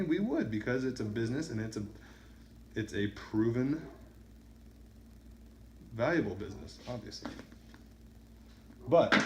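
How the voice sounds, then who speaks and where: A man's voice: medium pitch, reverberant, background noise. Rambling man counting dice rolls. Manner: rambling, counting results aloud. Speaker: craps vlogger. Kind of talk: casual talk while throwing dice. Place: indoors at a home dice-practice setup.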